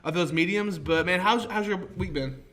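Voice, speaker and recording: Young man, podcast co-host, upbeat and joking, slightly higher voice, casual chat across a table. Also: a bit bright. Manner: upbeat, jokey, talks fast with restarts. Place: indoors at a table, face to face.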